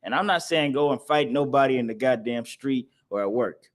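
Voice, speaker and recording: A man's voice: mid-range voice, moderate pace, hardly any pauses. Emphatic man teaching a scripture class. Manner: emphatic, repetitive, laughs between points. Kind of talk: preaching-style scripture lesson.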